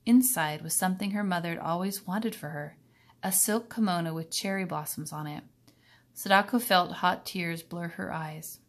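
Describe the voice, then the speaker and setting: Woman, reading a children's book aloud, calm even tone, lowish voice. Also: normal speed. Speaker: reader.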